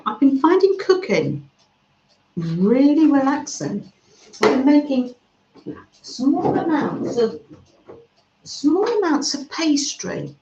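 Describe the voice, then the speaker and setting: A woman gently chatting with her livestream viewers and reading their comments aloud, with soft murmurs and coos. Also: high-pitched, big pitch swings, slow, long pauses, background noise. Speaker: craft livestream host. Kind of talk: casual chat reading live comments. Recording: slightly dull sound in an echoey room.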